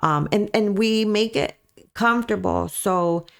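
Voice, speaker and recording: A woman's voice: mid-range voice, a little slow, creaky. A woman, a dog breeder, telling a story as a podcast guest in an earnest, emphatic way, often repeating her key points. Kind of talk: conversational storytelling.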